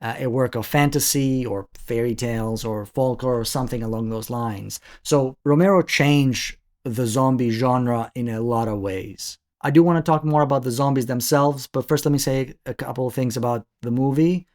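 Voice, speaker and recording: A man's voice: mid-range voice, moderate pace, hardly any pauses, darkish tone. Thoughtful man reviewing an old film. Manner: thoughtful, analytical, with frequent restarts. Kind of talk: video essay commentary.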